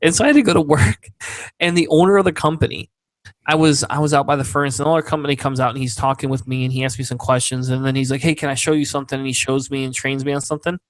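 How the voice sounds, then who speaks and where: A man on a casual podcast telling a story with lively energy, swearing freely and acting out the voices of the people in it. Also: medium pitch, racing, no echo. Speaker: podcast co-host.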